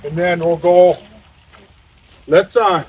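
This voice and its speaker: A man's voice: sits high, fairly even intonation, slow, breathy edge. A man from Minnesota, a visiting car buyer, chats casually and practically while hitching up a trailer. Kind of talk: casual chat. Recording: slightly muffled audio.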